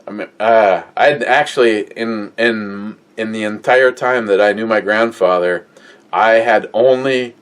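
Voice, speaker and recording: A man from Minnesota tells a long family story in a loose, casual way. He stops and restarts constantly, fills gaps with "uh", and swears offhandedly. His voice sits fairly low. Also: a little slow, clear, resonant tone. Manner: rambling, many filler words and restarts, swears casually. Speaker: podcast co-host.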